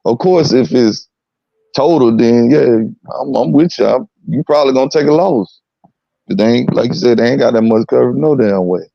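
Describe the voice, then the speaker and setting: A man's voice: medium pitch, normal speed, gravelly, no room sound, dull audio. A man in a casual talk chat who speaks bluntly and profanely, with frequent fillers.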